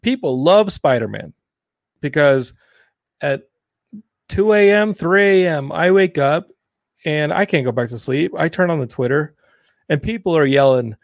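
A man hosting a casual podcast chat, telling stories with energy and acting out what people said in a higher voice. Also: measured pace, pauses often, no echo, studio quality. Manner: animated storytelling, acts out quotes in a higher voice. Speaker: podcast host. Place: Los Angeles.

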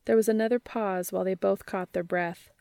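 A woman narrating an amateur audiobook reading in a soft, intimate storytelling manner. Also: mid-range voice, fairly even intonation, brisk, gravelly, dry recording.

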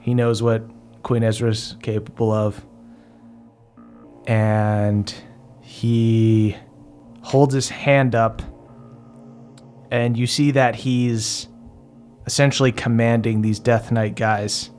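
A man narrating a tabletop game as game master, describing scenes at an unhurried pace with many fillers. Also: medium pitch, level tone, a little mellow, soft background music.

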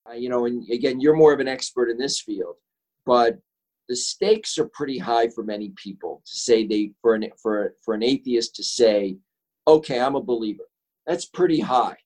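Earnest man telling stories, mid-pitched. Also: normal speed, a little mellow, rough recording. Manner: earnest, storytelling. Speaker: author and guest. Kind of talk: conversational interview answers.

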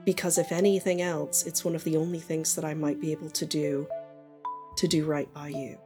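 A woman voicing a quiet, earnest mother. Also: low voice, little pitch movement, fairly quick, music in the background, close to an everyday voice. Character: guarded regretful mother, woman, middle-aged.

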